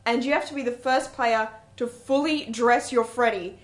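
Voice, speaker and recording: A woman's voice: on the high side, steady tone, normal speed. A woman co-hosting a community radio show, chatting casually, laughing often and acting out funny quotes. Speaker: radio co-host.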